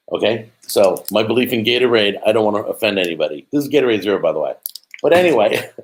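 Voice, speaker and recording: A man's voice: on the low side, a little mellow, poor audio. A middle-aged man hosting a casual live stream, reading viewer comments aloud and rambling with many fillers and restarts. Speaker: host reading live chat.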